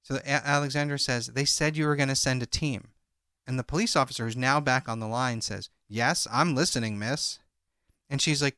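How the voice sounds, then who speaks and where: Bright-voiced man retelling a story. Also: medium pitch, normal speed, no echo, studio quality. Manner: recounts a transcript, reading out each speaker's lines in turn. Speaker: podcast co-host. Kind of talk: true crime podcast retelling.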